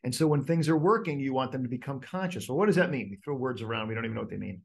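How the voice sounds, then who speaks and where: With a medium pitch, a racing pace, and noticeable vocal fry, a man coaches a group. He explains things informally and animatedly, stumbling through fillers and restarts while acting out inner voices.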